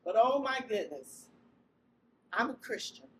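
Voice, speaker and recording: On a poor recording from a distant mic, with steady noise behind her, a woman with a fairly high pitch speaks a little slowly. She delivers an emotional inspirational talk, telling her story to the audience expressively and erupting into loud cries as she acts out quotations.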